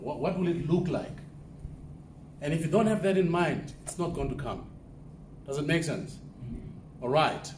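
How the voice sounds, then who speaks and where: A man's voice: high voice, darkish tone, distant mic, slight background noise. A man from southern Africa giving a motivational business talk to a live audience, conversational and often asking the room questions. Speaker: keynote speaker. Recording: echoey room from off-mic.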